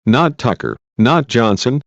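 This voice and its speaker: A man with a medium-pitched, sing-song voice speaks a little slowly, playing a persistent female defense lawyer who keeps firing pointed questions during a deposition. His mood is pressing. The recording is dull, lo-fi, and dry, with no room sound.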